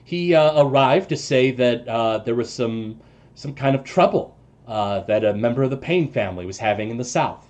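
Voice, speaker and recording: A man's voice: medium pitch, lively intonation, normal speed, darkish tone, muffled recording, close to an everyday voice. A man voicing a nervous, formal male house servant in a tabletop game, speaking hesitantly and adding "sir" often. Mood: deferential.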